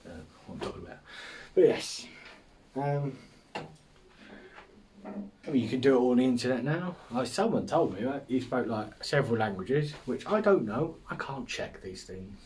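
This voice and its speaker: A man's voice: mid-range voice, lively intonation, moderate pace, pauses often, a little mellow, distant mic, slight background noise. An English man hosting a podcast, rambling through a casual comic monologue, swearing and mocking himself as he goes. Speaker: podcast host.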